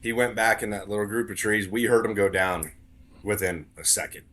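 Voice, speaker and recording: A man with a somewhat low voice tells a story as a podcast guest. He talks earnestly in casual conversation and repeats key words for emphasis. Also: steady tone, fairly quick, a bit bright.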